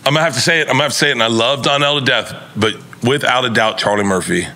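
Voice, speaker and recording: A man's voice: medium pitch, racing, pushed and bright. A middle-aged man, a guest comedian, telling long rambling stories in a casual chat, swearing and laughing as he goes. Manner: rambling, laughing mid-story, profane.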